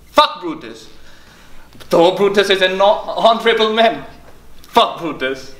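A drama student, played by a man, declaims a classical speech and keeps breaking into curses. His pitch leaps around in a lively, theatrical way, and his tone is bright. The room rings with echo. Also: measured pace. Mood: defiant. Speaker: acting student. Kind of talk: theatrical monologue with swearing. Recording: echoey room.

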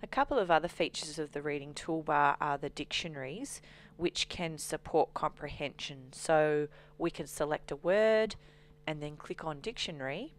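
A woman walking through a software demonstration as a trainer, explaining steadily with frequent ums. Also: sits low, normal speed.

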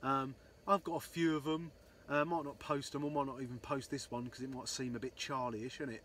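A man's voice: medium pitch, flat delivery, fairly quick, fairly bright tone, a little hiss or hum. A man telling a rambling fishing story, swearing constantly and saying "um, so anyway" a lot. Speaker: angler vlogger. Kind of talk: casual storytelling.

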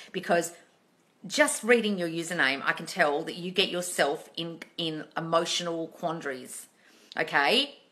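A woman's voice: fairly low pitch, bright, forceful tone. A woman coaching on a live stream, answering viewer questions in a blunt, scolding way with plenty of swearing and sarcastic asides. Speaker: manifesting coach.

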